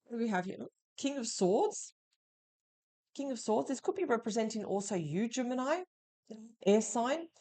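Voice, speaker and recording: A woman's voice: a little high, sing-song, moderate pace, long pauses, warm tone. A woman giving a weekly tarot reading, talking straight to the listener in a reassuring way. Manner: reassuring, addresses the listener directly. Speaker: tarot reader.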